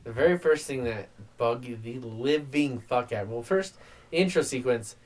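Guy cussing his way through a movie rant, mid pitch, casual podcast talk. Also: unhurried, a little mellow, low-quality recording. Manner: blunt, profane, exasperated. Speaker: podcast co-host. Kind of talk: casual movie review chat.

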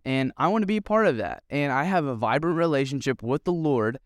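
A man's voice: medium pitch, expressive, fairly quick, no room sound, clean studio sound. A young man and youth pastor, telling a story in an earnest, rambling way with many fillers. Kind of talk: casual storytelling vlog.

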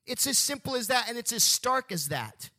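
A man with a rather high voice preaching a sermon in a church. He talks emphatically, slows right down on key phrases and leads the congregation in call-and-response. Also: very animated, pushed and bright. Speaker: pastor. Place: church sanctuary.

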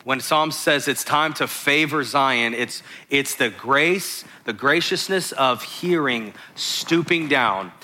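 A man's voice: medium pitch, slow, hardly any pauses, bright, forceful tone. A man preaching a sermon, reading scripture verses aloud and stopping to explain them to his listeners.

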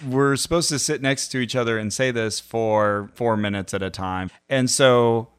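A man's voice: mid-range voice, moderate pace, smooth. A man co-hosting a podcast, telling a story in casual chat and laughing often. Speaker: podcast co-host.

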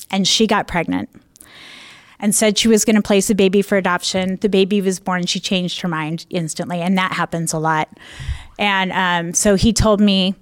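A woman's voice: medium pitch, no echo. Woman, young adult, personal testimony, candid storytelling, dry close sound. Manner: candid, laughs often, many fillers and restarts. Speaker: speaker sharing a personal testimony. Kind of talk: personal storytelling talk with slides.

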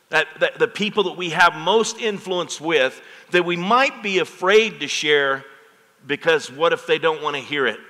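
A middle-aged male pastor preaching to his congregation, his voice bright and forceful and a little higher than most men's. He keeps pulling the room in with call-and-response asides. The sound carries a long reverb from the church hall. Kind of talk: sermon. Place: church sanctuary.

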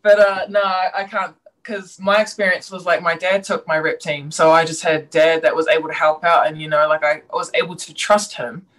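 A woman's voice: low-pitched, brisk, hardly any pauses, rough recording. A woman with a New Zealand accent, a basketball player answering casually and candidly as a guest, laughing easily. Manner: relaxed and candid, warm laughs, plain-spoken. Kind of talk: casual interview.

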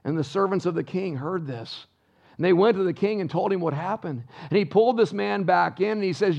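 A man's voice: high voice, fairly quick, vocal fry, darkish tone. A male pastor preaching a sermon in church, emphatic and full of rhetorical questions to the congregation. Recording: dull lo-fi sound.

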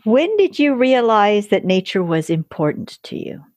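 Woman interviewer, mid-pitched, gentle and encouraging questions. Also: very animated, moderate pace.

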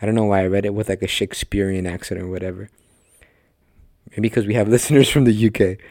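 Low-voiced man preaching emphatically. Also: steady tone, quick pace, a little mellow, no echo, studio quality. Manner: emphatic, talks directly to listeners. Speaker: podcast preacher. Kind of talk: conversational sermon teaching.

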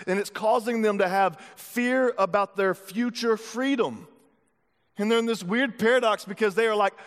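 Guy preaching a sermon, high voice, slangy storyteller, big hall echo. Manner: casual storytelling with slang asides. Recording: long hall reverb.

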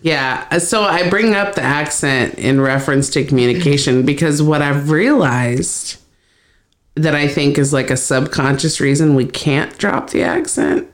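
A woman co-hosting a podcast, talking reflectively in a rambling casual chat with many pauses and fillers. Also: low voice. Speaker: podcast co-host.

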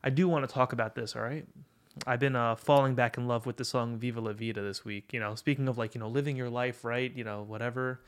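A male podcast co-host in an easygoing chat, his voice sitting at an ordinary pitch for a man. He jokes around and swears freely, and often breaks off mid-thought before picking up again. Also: steady tone, fast talker. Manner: loose and joking, swears freely, trails off and restarts.

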